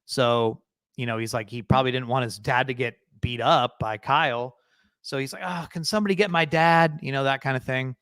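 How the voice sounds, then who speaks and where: A man's voice: medium pitch, fairly even intonation, normal speed, a bit bright, smooth, no room sound. Rambling male podcast co-host. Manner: rambling, self-correcting, laughs easily. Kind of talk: casual podcast chat.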